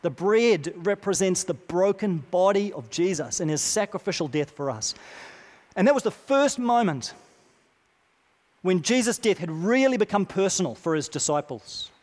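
A man preaching a sermon, earnest and deliberate, repeating key phrases with slow pauses. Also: sits high, expressive, a little mellow. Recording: long reverb of a large hall.

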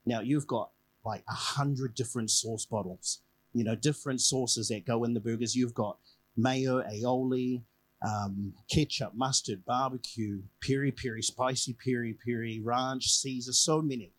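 A man's voice: medium pitch, unhurried, rough recording. Man giving a chatty evening sermon. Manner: animated storytelling, repeats key phrases. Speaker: preacher. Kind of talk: conversational sermon.

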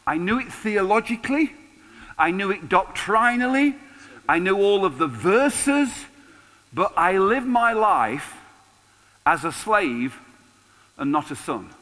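A man in his sixties preaching in a large hall, his high, bright voice trailing a long reverb. He keeps the sermon conversational and lively, with touches of humor. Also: takes it slowly, long pauses. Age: 60s. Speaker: pastor.

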